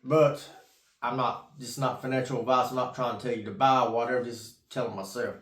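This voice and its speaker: A man's voice: mid-range voice, fairly even intonation, a little fast, fairly bright tone, roomy sound. A middle-aged man rambling casually about investing, folksy and repetitive, tired from an early start. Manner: rambling, folksy, repeats himself, casual swearing. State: tired from getting up at 3 a.m. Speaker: investing vlogger. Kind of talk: rambling casual monologue to camera.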